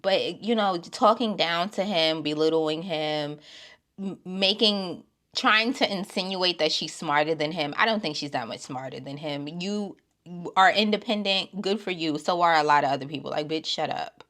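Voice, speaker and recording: A woman giving blunt, profane opinions in a casual vlog, dropping from low mutters to loud exclamations. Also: normal speed. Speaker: TV show reviewer.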